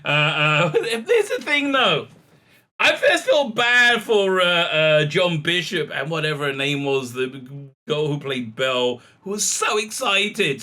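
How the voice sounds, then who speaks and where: A man's voice: on the high side, bright, forceful tone. A man delivering a sarcastic, mocking video commentary rant, laughing often and stumbling over fillers. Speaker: YouTube commentator.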